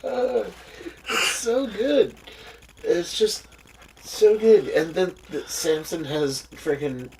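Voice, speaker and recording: A podcast co-host chatting casually about a movie, laughing often and retelling scenes in an animated way. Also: mid-range voice, slow. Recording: distant mic with faint background noise.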